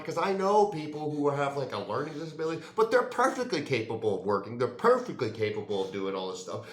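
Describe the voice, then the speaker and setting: A man's voice: a little high, animated, fast, hardly any pauses. Fired-up ranting man, echoey room. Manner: heated, profane, says "dude" and "like" a lot. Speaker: fitness vlogger. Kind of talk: casual rant to camera.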